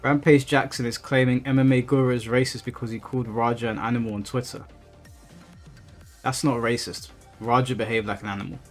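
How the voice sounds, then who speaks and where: A man's voice: mid-range voice, a little fast. Guy on a gaming stream, sweary and blunt, faint music behind. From England. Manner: blunt, profane, animated retelling. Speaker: livestream host. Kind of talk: casual chat reading viewer messages while gaming.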